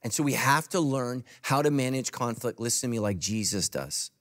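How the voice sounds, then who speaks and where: In a church, a male pastor preaches a sermon to his congregation at a moderate pace with lively intonation. His delivery is emphatic, alternating between loud, punchy lines and soft, low asides.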